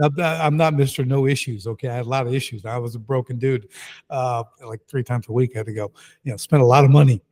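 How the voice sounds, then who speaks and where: A middle-aged man, a podcast guest, telling his story in a casual, lively and emphatic way. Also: mid-range voice, fast. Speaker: guest entrepreneur.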